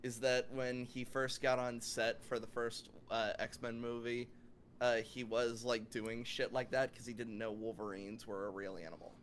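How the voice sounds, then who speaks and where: A man's voice: mid-range voice, little pitch movement, normal speed, fairly bright tone, slight background noise. A man co-hosting a casual film review podcast, rambling with lots of fillers and swearing. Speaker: podcast co-host.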